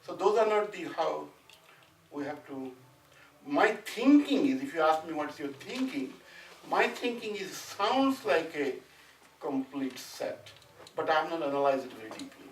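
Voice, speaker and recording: A man from India lectures a small class in a relaxed, rambling way, often asking whether his students follow him. His voice is somewhat higher than most men's. It is picked up from a distance in an echoey classroom, with faint noise underneath. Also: a little slow. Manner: conversational, often asks "you know what I'm saying?". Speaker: Sanskrit teacher.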